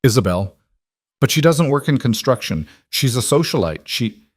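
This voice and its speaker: A man with a mid-range, slightly rough, sing-song voice at a moderate pace raises his pitch above his natural voice to play a frightened young woman who is trapped. She sounds desperate, breathless, and pleading, in a dry, studio-quality recording.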